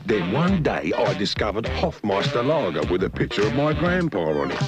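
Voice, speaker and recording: A man's voice: lowish voice, big pitch swings, normal speed. A man voicing a laid-back, cool bear who narrates an advert. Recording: loud music behind.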